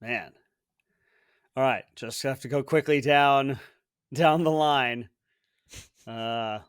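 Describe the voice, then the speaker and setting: A man's voice: medium pitch, slow pace, pauses often, clean tone, no echo, clean studio sound. A man co-hosting a podcast, guessing movie quotes, thinking aloud, hesitant, laughing easily. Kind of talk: casual podcast chat.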